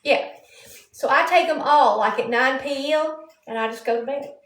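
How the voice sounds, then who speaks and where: Chatty lady livestreaming, high voice, keeps yawning, echoey room. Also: normal speed. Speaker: livestream host. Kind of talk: casual chat with viewers. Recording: roomy echo.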